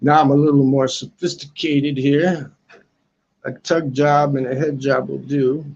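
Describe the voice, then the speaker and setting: A muffled recording captures an American livestream host in his sixties rambling crudely on a balcony, tossing "man" onto his lines. His medium-pitched voice is gravelly, darkish and breathy, delivered flatly and without hurry.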